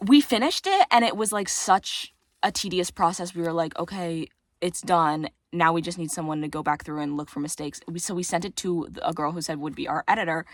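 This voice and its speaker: Rambling teen girl with a gravelly voice. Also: fairly low pitch, no room sound. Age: teens. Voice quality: voice cracks. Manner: rambling, self-deprecating, many "like" and "um" fillers. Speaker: book vlogger. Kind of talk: casual chat to camera.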